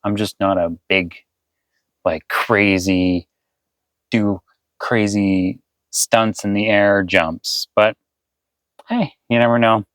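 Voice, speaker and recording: Low-voiced man rambling in a casual vlog. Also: fairly even intonation, takes it slowly, pauses often, fairly bright tone, clean tone, no room sound, rough recording. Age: adult, past eighteen. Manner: rambling, thinks aloud, addresses viewers as guys. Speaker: vanlife vlogger. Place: inside his camper van.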